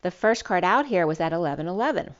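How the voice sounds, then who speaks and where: A woman with a fairly low voice talks her way through a spiritual tarot reading, rambling and restarting her words as she goes. The recording sounds dull and lo-fi. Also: animated, fast talker. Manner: rambling, with frequent restarts and ums. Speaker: tarot reader.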